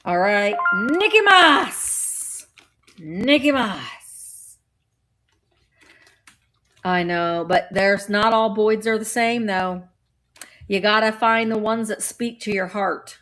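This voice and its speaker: A woman's voice: mid-range voice, steady tone, unhurried, a bit bright. A woman chatting casually while running a live vintage auction, bubbly and playful with sing-song noises.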